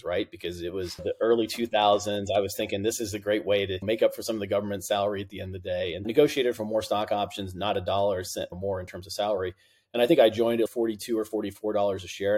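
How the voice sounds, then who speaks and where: A middle-aged man speaks in a somewhat low voice as a guest on an interview podcast. He tells his stories in a relaxed, conversational way and acts out the lines he quotes from others. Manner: lively anecdotes, acting out quoted dialogue. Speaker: podcast guest, compliance officer. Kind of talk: casual interview storytelling.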